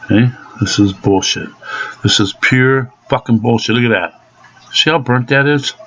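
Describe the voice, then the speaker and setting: A man's voice: mid-range voice, moderate pace, a bit bright, slight background noise. Furious man, swearing vlog rant, dull home-recorded sound. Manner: angry, profane ranting. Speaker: angry car owner. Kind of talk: ranting vlog.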